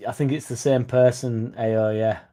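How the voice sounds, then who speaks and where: A young Englishman hosts a fan channel, chatting casually and swearing as he reads out live-stream comments. His mid-range voice is fairly even and dark-toned, at normal speed.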